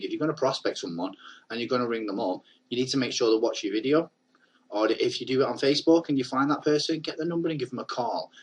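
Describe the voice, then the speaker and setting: A man's voice: mid-range voice, husky, poor audio. A man coaching on network marketing in a casual talking-head video, chatty and earnest. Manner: chatty, earnest, rambling advice.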